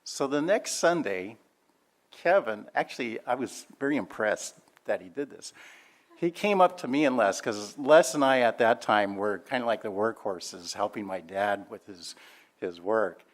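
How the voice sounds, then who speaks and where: A man's voice: on the low side, lively intonation, unhurried. An older man sharing memories of a family member in a chatty, laughing storytelling way, with many fillers. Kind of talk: anecdotal reminiscing speech.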